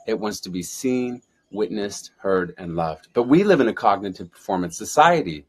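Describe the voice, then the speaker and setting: A man's voice: on the low side, expressive, moderate pace, slightly rough. A man speaking as a guest on an interview show, fervent and preaching, with repeated affirmations. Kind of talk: motivational interview talk.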